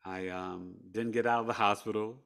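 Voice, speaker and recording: A New Yorker with a matching accent, appearing as a podcast guest, tells his story with animation, acting out quotes and laughing often. His voice sits on the low side and sounds gravelly, at a normal speed.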